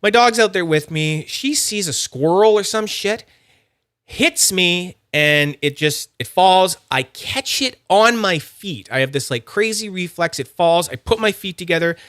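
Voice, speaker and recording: A man's voice: high voice, expressive, a little slow, a bit bright, smooth, dry recording, clean studio sound. A young man rambling casually about fidget toys, full of fillers and restarts. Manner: rambling, filler-heavy, chatty. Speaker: fidget toy reviewer. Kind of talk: casual unboxing chat.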